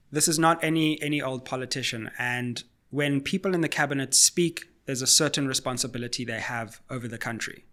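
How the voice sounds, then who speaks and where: A man from Africa, hosting a solo political commentary and arguing point by point in a questioning, measured way. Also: mid-range voice, fairly bright tone. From South Africa.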